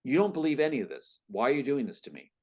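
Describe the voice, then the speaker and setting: A man's voice: on the low side, fast talker, darkish tone, lightly acted. A man reading the lines of a frightened family man under threat from a screenplay, tense and pleading.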